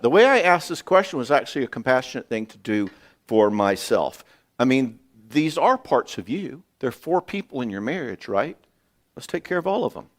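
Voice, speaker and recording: A man in his sixties, a psychologist giving a folksy, animated seminar talk on marriage, often acting out conversations. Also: mid-range voice. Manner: animated, folksy, acts out dialogue. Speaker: psychologist and speaker.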